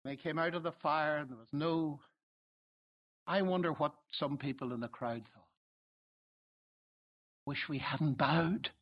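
A man with a high voice preaches a sermon in an emphatic, swelling way. The recording is dull and lo-fi. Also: moderate pace. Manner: emphatic, swelling to loud exclamations.

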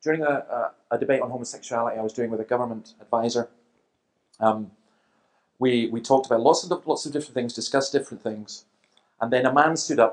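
Middle-aged man, Christian speaker, lively anecdotal talk to a church crowd. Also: medium pitch. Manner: lively storytelling with quoted exchanges and asides.

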